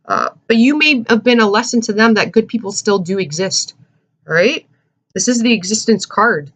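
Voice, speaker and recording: A woman's voice: mid-range voice, expressive, moderate pace, fairly bright tone. A woman giving a casual tarot reading to camera, chatty, with many "uh"s, and checking in with "okay?" and "all right?". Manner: searches for words with frequent "uh" and "um". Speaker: tarot reader.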